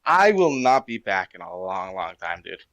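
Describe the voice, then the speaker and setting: A teenage boy calling in to a casual stream chat, rambling enthusiastically in slang, with a high voice. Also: big pitch swings, moderate pace, fairly bright tone, dry recording. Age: teens. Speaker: caller.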